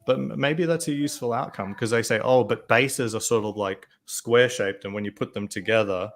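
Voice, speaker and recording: A man in casual chat, speculating and asking questions. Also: medium pitch. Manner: speculative, questioning, quick asides. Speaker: podcast co-host.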